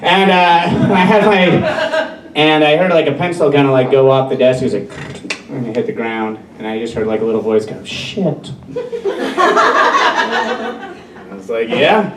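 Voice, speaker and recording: A man performing a stand-up comedy set, telling stories and acting out voices in quick bursts. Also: medium pitch, background noise. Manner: animated storytelling with acted-out voices. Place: brewery. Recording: roomy bar from a distance, crowd laughter.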